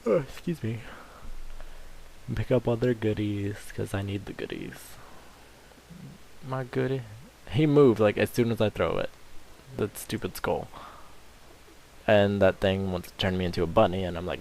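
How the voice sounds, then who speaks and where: Over his playthrough, a man delivers rambling, crude, joking let's-play commentary. His fairly low, creaky voice is expressive and darkish in tone, moving at a moderate pace with frequent pauses.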